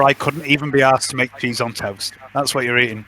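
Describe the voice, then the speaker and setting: Running a tabletop role-playing session, this man speaks at a medium pitch with fairly even intonation and a sharp tone. His narration is casual, and he's jokey, teasing, and quick to laugh with his players.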